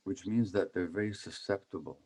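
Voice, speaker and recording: A man's voice: sits low, fairly quick, a little mellow, breathy edge. A man in his seventies, from Hungary, giving a conversational talk as a physician and asking his audience questions. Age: 70s. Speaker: physician speaker. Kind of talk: public talk on trauma.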